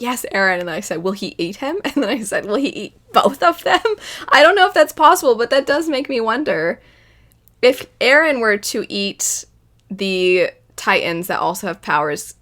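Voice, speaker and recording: A young woman with a bright, clear voice talks casually as an anime reaction host. Her delivery is animated, and she breaks into loud, exasperated outbursts as she reacts. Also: mid-range voice. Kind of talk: casual spoken commentary.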